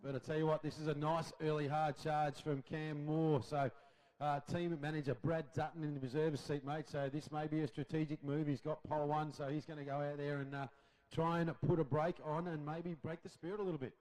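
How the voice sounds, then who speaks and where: A man's voice: a little high, level tone, brisk, a little mellow, low-quality recording. A man giving chatty, friendly color commentary during a live race.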